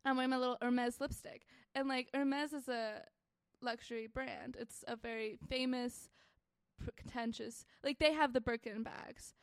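A young woman co-hosting a podcast, chatting casually in an animated, joking way. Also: on the high side, a little slow, clear, resonant tone, no echo, studio quality. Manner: animated, joking, breaks into mock voices. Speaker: podcast co-host. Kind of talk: casual chat.

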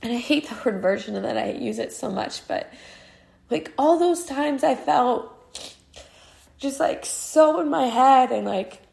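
A woman's voice: high-pitched, expressive, unhurried, creaky, a little mellow. A woman in her twenties hosting a podcast, talking through her feelings in a candid, heartfelt monologue full of "like" fillers. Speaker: podcast host. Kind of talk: casual personal monologue.

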